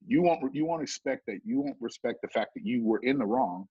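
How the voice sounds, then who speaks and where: A middle-aged man tells a story casually, swearing freely and jumping into raised voices when he acts out what others said. His voice is husky and sits close and dry. The recording has a dull, lo-fi sound. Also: medium pitch, animated, brisk, warm tone, no echo. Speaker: guest telling a story. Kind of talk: casual storytelling with acted quotes.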